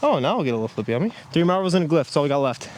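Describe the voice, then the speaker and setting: A man's voice: on the high side, rapid-fire. Guy reviewing discs on the course, bouncy voice all over the place, bit of outdoor noise. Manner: lively, exclaims at each throw. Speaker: disc golf reviewer. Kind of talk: casual play-along commentary. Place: outdoor disc golf course. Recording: outdoor field recording with faint noise.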